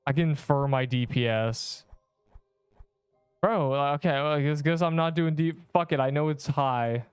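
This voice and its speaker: A young man streams a video game and casually talks to his chat, rambling and full of slang. His fairly high, clean voice moves at normal speed, and the dry recording has faint music behind it.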